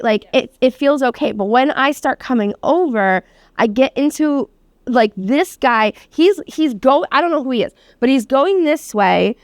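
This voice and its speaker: A woman demonstrating massage technique in a loose, chatty way, full of fillers. Her voice sits a little high and sounds smooth and clear. The sound is dry and close, with no room echo. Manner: casual, chatty, many fillers and laughs, swears. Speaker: massage therapy instructor. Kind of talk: hands-on demonstration class.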